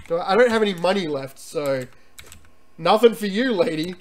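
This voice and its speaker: Excitable man streaming an old game. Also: high-pitched, moderate pace. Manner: excitable, chatty, reacts aloud. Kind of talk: casual gameplay commentary and reading game text.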